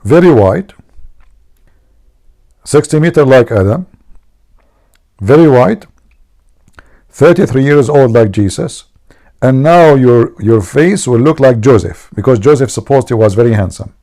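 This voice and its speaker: A man's voice: mid-range voice, expressive, a little slow, long pauses, mellow. A man hosting a livestream, teasing his viewers and laughing at his own jokes. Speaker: livestream host. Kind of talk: joking livestream chat.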